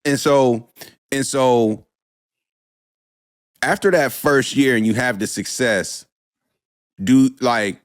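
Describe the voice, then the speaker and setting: A male podcast host asks questions in a relaxed, conversational way and keeps the talk moving with short replies. The recording is close and dry, with no room around the voice. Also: mid-range voice, takes it slowly, pauses often, no echo. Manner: conversational, many short backchannels. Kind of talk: casual interview.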